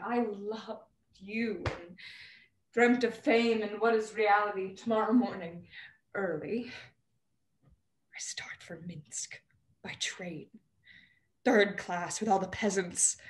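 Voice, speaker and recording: A young woman playing a troubled young actress in a stage drama over a video call, emotional and often dropping to a hushed near-whisper. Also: mid-range voice, lightly acted. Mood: weary. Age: young adult. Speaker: student actor. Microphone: video call microphone.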